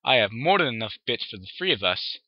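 A man's voice: medium pitch, very animated, brisk, dry recording. A man reading aloud, voicing a refined, polite female unicorn who fusses over her friends, recorded dry and dull. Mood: genteel. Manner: polite, genteel.

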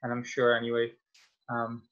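A man's voice: mid-range voice, completely flat delivery, moderate pace. A young man with an Italian accent, a native Italian speaker, giving a webinar talk as guest speaker in a friendly, hesitant way with frequent fillers. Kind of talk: webinar presentation. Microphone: video call. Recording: dull lo-fi video call audio.

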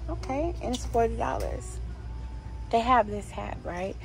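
A woman's voice: fairly high pitch, animated, measured pace, creaky, slight background noise, low-quality recording. A woman vlogging casually as she walks through a store, chatting and gushing over holiday decor and reading signs aloud. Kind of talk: casual shop-along vlog. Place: inside a store.

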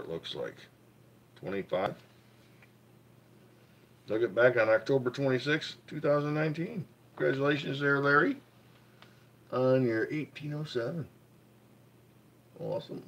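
Husky enthusiastic man hosting a livestream. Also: on the high side, a bit bright. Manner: enthusiastic, repeats praise, greets chat viewers. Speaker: livestream host. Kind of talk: casual livestream chat reading a magazine.

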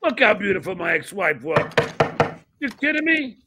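A middle-aged man hosting a podcast, loud, excitable and profane. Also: high-pitched, moderate pace, background noise. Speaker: podcast host.

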